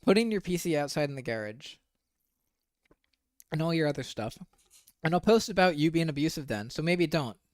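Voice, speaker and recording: A male streamer reacting to screenshots, reading messages aloud in a flat mumble and breaking in with incredulous, profane commentary. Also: fairly high pitch, moderate pace, pauses often, no echo, studio quality.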